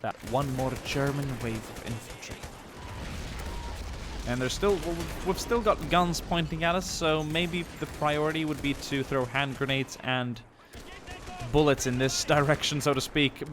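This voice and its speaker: At a medium pitch and a little slow, a young man from Sweden rambles and jokes his way through a war game. The background is noisy, with the game's gunfire and artillery sounding loudly.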